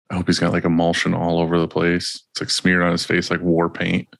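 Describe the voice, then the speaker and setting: A man co-hosting a podcast who teases and swears in deadpan, casual banter. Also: deep voice, moderate pace, gravelly, dry recording. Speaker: podcast co-host.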